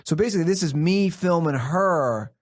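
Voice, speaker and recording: A man, a podcast guest, telling stories in casual chat, animated and swearing. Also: fairly high pitch, moderate pace.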